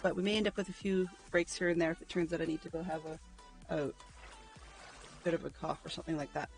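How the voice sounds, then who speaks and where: A man talks through his game on a live stream, wandering from thought to thought with plenty of ums and a dry, self-mocking edge. His voice sits high and carries a gravelly fry. Soft game music plays faintly underneath. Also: fairly even intonation, fast. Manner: rambling, thinking aloud with frequent ums. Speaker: video game livestreamer. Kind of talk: casual gameplay commentary.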